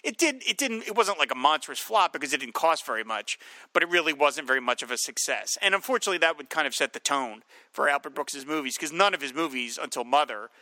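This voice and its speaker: Male podcast co-host, bright and forward, casual film talk, breaks into high shouted line readings, dry close sound. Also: fast, no room sound. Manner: animated, acts out movie lines in a high shout.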